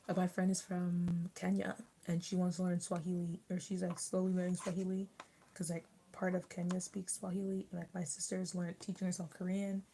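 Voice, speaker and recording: A woman's voice: lowish voice, completely flat delivery, moderate pace, vocal fry, a little mellow, slight background noise, low-quality recording. A young woman vlogger chatting casually while eating, rambling with lots of restarts and fillers. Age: young adult. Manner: rambling, many restarts and likes. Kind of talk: casual mukbang chat.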